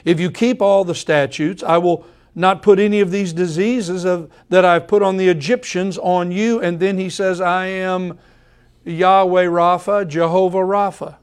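A man preaching to his congregation at a measured, deliberate pace. His voice sits a little above the usual male pitch. He comes back to the same phrases again and again to hammer a point home. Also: fairly even intonation, smooth. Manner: repeats phrases for emphasis. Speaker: pastor. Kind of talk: sermon.

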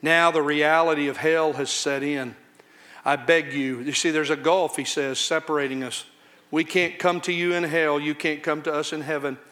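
A man, a pastor, preaching an impassioned sermon in church, swinging between loud high outcries and low, quiet warnings. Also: steady tone, moderate pace.

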